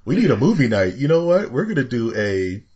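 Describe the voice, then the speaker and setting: Cracking jokes and name-dropping films, this podcast host talks a little fast in a sing-song, mid-range voice. His tone is darkish, and the recording sounds lo-fi.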